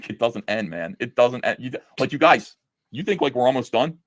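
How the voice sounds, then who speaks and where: A man's voice: medium pitch, animated, fairly quick, fairly bright tone, no echo. A man hosting a comics review show, giving sarcastic reaction commentary and mocking the dialogue he reads. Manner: swears freely.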